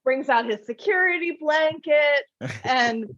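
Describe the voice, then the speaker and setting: A woman podcast host in casual chat, telling film trivia in a lively storytelling way with frequent laughs. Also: sits high, a little slow, no room sound, muffled recording.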